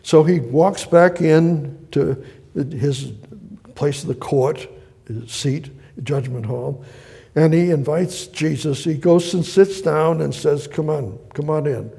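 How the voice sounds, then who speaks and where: A man's voice: a little high, lively intonation, slow, gravelly, mellow. A man preaching verse by verse from the Bible, reading passages aloud and then explaining them, sometimes acting out the speakers. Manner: reads scripture then explains, acting out voices.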